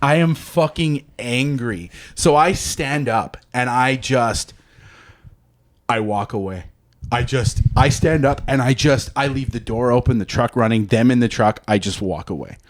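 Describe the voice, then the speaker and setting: A man's voice: mid-range voice, unhurried. A man in his thirties from Canada, hosting a podcast and telling a story in casual, profane chat, acting out the quotes. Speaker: podcast host.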